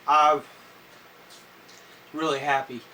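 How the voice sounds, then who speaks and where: A man in a personal video diary, talking haltingly with many fillers and clearing his throat and coughing now and then. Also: a little high, little pitch movement, pushed and bright. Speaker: vlogger. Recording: slightly distant mic with faint noise.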